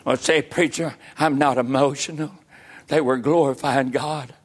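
An older man, preaching a sermon with folksy stories and sudden loud outbursts. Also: medium pitch, fairly even intonation, a little slow, breathy edge. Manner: folksy storytelling, bursts into loud exclamations.

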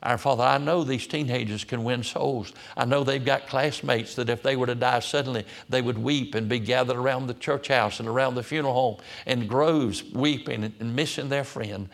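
A man's voice: mid-range voice, fairly even intonation, moderate pace, creaky, few pauses. A man preaching in a mid-range voice. He pleads fervently and returns again and again to the same appeals. He sounds like a pastor leading prayer and giving a sermon.

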